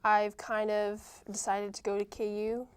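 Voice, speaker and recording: A young woman of college age talks through her answers in a plain, mid-pitched voice. She hesitates often, filling gaps with ums and restarting her sentences. It sounds like a relaxed, casual interview. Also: a little slow, smooth. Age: young adult. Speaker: college softball player, guest.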